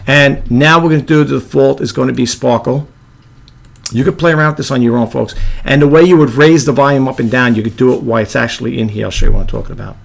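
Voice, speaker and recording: A man with a low monotone voice, hosting a casual video editing tutorial and rambling with apologetic asides. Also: quick pace, gravelly. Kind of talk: casual screen-recorded tutorial.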